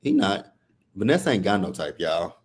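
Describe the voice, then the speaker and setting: Laid-back low-voiced man chatting. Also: sing-song, normal speed, slightly rough. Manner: laid-back, laughs often. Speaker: co-host of a soap opera recap show. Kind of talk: casual livestream chat.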